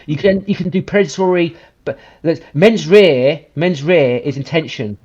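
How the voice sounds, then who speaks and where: A man's voice: fairly high pitch, normal speed, a little mellow. A man hosting a commentary podcast, ranting with emphatic, profane outbursts. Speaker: podcast host. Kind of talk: heated commentary. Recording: slightly muffled lo-fi sound.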